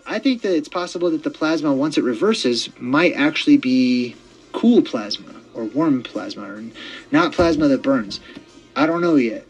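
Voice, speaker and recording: Male podcast host, higher-pitched, rambling excitable monologue, lots of fillers and restarts. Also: slightly rough, rough recording. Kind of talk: casual monologue.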